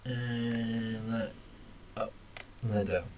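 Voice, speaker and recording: A man teaching a language lesson while drawing characters on screen, chatty and self-deprecating, calling his viewers ladies and gentlemen. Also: on the low side, fairly even intonation, very slow, muffled recording, a little hiss or hum.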